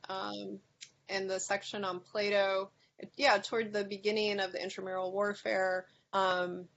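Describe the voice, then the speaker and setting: A woman leading a reading group discussion, thinking aloud with many pauses and restarts, sometimes reading passages aloud. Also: medium pitch, a bit bright, highs cut off, a little hiss or hum. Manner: thoughtful, hesitant with many ums and restarts.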